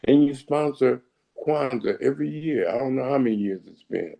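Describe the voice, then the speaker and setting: An older man answering his son in a measured, fatherly way, full of praise for his family. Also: mid-range voice, animated, gravelly, dark tone, low-quality recording. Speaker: honored elder, father. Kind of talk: casual spoken reply.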